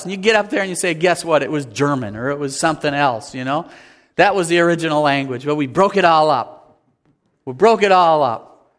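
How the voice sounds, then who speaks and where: A man delivering a sermon with a fairly high-pitched voice. He preaches in an animated way, acting out everyday scenes in different voices and putting questions to his listeners. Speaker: pastor.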